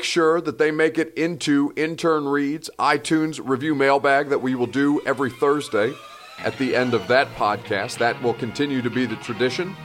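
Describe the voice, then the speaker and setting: A man's voice: mid-range voice, steady tone, normal speed. A male podcast host giving a heartfelt, thankful sign-off to his listeners, a little emotional. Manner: earnest, thankful, slightly emotional.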